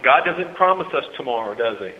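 A man preaching a sermon to a congregation, swinging between soft asides and loud, high-pitched exhortation and calling for amens. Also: expressive, a little fast. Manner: talks with the congregation, calls for amens. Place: church hall. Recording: tinny phone-like recording in a reverberant hall.

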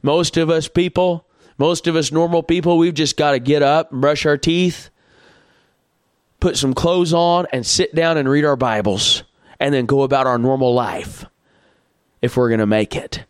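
A man preaching a sermon, folksy and plainspoken, building to loud exhortation. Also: a little high, normal speed, smooth, dry recording, clean studio sound. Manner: rises from calm teaching to loud shouted exhortation; folksy farm imagery, plainspoken.

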